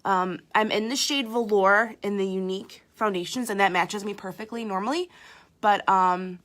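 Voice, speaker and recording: A woman's voice: mid-range voice, steady tone, normal speed, a bit bright. Young woman, nasal from a cold; easygoing chatty beauty-tutorial host talking to viewers. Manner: chatty, greets viewers by name, many fillers. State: slightly sick, nasal. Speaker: makeup artist livestreaming. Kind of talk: casual makeup tutorial chat.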